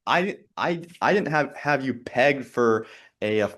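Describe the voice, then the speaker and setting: A man on a video call in a casual quiz chat, thinking aloud, muttering softly while he recalls answers and laughing often. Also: mid-range voice, lively intonation, a little slow. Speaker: quiz co-host.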